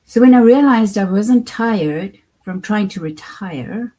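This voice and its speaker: A woman with a South African accent, a guest in an interview, answering in a measured, articulate and deliberate way. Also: mid-range voice, lively intonation, mellow, rough recording. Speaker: guest, education program founder.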